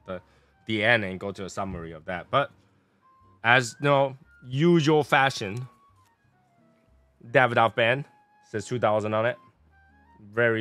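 A man's voice: lowish voice, a bit bright, smooth. A man from Taiwan, chatting through a casual review in a rambling, playful way. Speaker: cigar and spirits reviewer.

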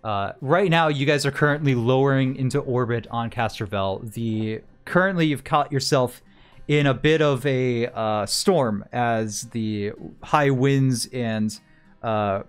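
A man's voice: medium pitch, unhurried, clear, resonant tone, faint music behind. A man narrating a tabletop game as game master, rambling through his descriptions with frequent fillers and restarts.

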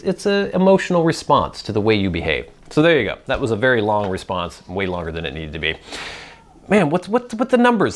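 A man hosting a casual solo show, answering viewer questions in a rambling, self-deprecating, conversational way. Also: medium pitch. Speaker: host.

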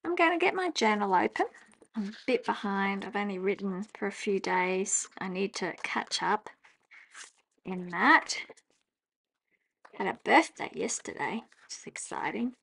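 A woman, chatting casually at her desk as she journals, laughing often and breaking into excited exclamations. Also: medium pitch, measured pace, gravelly. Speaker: journaling vlogger. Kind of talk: casual chat while journaling. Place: home desk.

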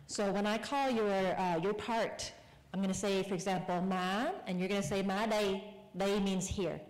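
A woman author casting audience volunteers for a live reading, friendly and quick to laugh. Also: mid-range voice, darkish tone. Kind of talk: casual talk to a live audience. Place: public library event room. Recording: long hall reverb.

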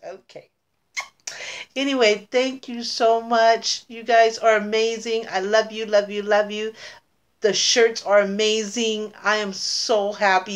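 A middle-aged woman talking casually in an unboxing vlog, gushing and emotional, close to tears. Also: medium pitch. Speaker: vlogger.

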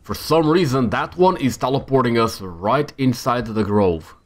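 Here a young man provides let's-play commentary on his gameplay, muttering to himself with the occasional frustrated outburst. He speaks at a normal speed with a medium-pitched voice.

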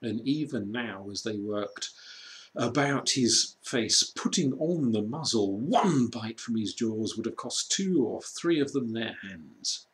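A man reading a children's storybook aloud, slow and measured with dramatic pauses. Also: mid-range voice, lively intonation. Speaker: reader.

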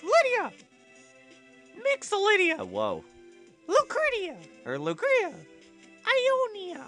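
A man voicing a flamboyant, theatrical magical being in a shrieking falsetto while playing a video game. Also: huge pitch swings, slow, a bit bright, faint music behind, heavily acted. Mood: shrill. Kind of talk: let's play voice acting.

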